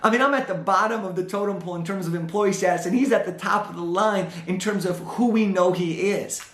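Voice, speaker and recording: Young male motivational speaker, high, animated storyteller, echoey hall sound. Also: a little fast. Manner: animated storyteller, acts out dialogue. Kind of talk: storytelling talk on stage.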